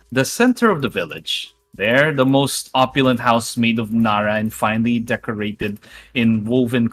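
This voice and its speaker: A man narrating as game master in a relaxed, descriptive way. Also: mid-range voice.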